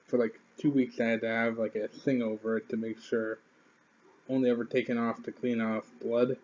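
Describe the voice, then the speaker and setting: A man's voice: medium pitch, level tone, moderate pace, a little mellow, muffled recording. A man in his twenties, a YouTuber, telling a rambling, profane story to the camera in an offhand way.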